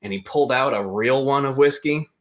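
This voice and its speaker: An animated young man hosts a casual podcast and tells a rambling story, jumping into loud put-on voices for the people he quotes. His pitch sits mid-range but swings widely as he acts out each exchange. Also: fairly quick. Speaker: podcast host.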